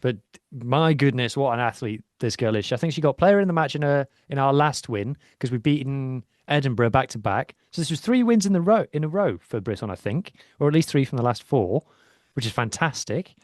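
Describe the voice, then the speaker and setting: In a casual sports chat, a podcast co-host goes on and on about rugby with real enthusiasm and lots of ums. His mid-range voice is a little mellow and a little fast, with big pitch swings, in a clean studio recording without echo.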